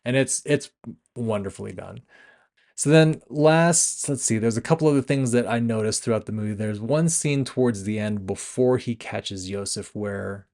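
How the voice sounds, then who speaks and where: Young male podcast host with a slightly low voice, casual and rambling, corrects himself often. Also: normal speed, creaky. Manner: rambling, animated retelling with laughs and self-corrections. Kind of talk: casual movie review chat.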